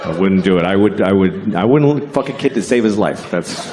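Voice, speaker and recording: Deadpan stand-up comic man. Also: deep voice, normal speed. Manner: deadpan, acts out voices in quotes. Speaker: stand-up comedian. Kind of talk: stand-up comedy set. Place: theater stage before a live audience. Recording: live show with crowd noise and laughter.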